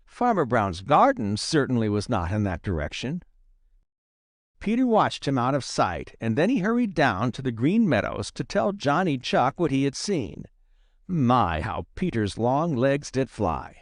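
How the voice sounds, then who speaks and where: A man's voice: medium pitch, unhurried, no echo. Guy reading a kids storybook, lots of up and down, dry sound. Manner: lively, expressive reading. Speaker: audiobook narrator. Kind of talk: children's storybook narration.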